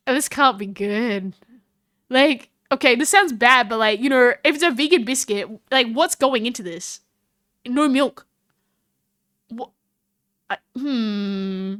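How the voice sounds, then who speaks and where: A woman chatting casually on her live stream, animated and full of laughs and restarts. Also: high-pitched, unhurried, no echo, clean studio sound.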